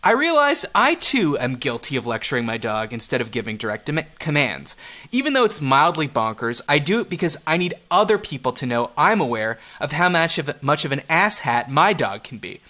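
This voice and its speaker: A man's voice: a little high, sing-song, a little fast, sharp tone. A man hosting a podcast, reading a listener letter aloud and chatting playfully with a guest. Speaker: podcast host.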